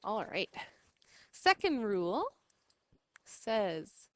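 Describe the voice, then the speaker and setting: A woman's voice: mid-range voice, lively intonation, a bit bright, no room sound. A woman teaching an English lesson, explaining patiently and checking in often with the class. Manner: patient, slow, checks in with "right?".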